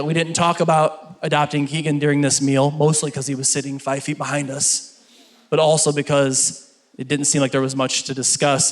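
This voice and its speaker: Casting: a middle-aged stand-up comedian, a man from Kentucky, higher-pitched storyteller. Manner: storytelling, animated punchlines. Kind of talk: stand-up routine, then interview. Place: stage before a live audience.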